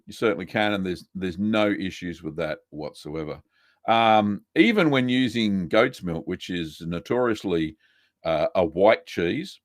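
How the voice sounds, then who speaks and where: A man hosting a live cheesemaking Q&A, relaxed and chatty, reading out viewer messages with lots of ums. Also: low-pitched, no room sound, studio quality. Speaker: cheesemaking show host answering live chat. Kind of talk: casual live-stream Q&A.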